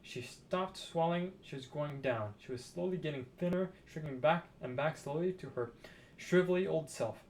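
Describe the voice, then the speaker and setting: A man reading a children's book aloud, expressive with dramatic pauses. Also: a little high, slight background noise. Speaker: storybook reader.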